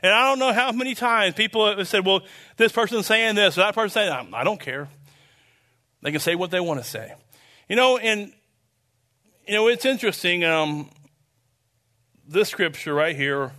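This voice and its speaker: Pastor, male, unusually high and bright voice; loose, earnest sermon delivery with lots of restarts, rising into firm declarations. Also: expressive, moderate pace, long pauses. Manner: rambling and earnest, many restarts and fillers; builds to emphatic declarations. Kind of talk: conversational sermon.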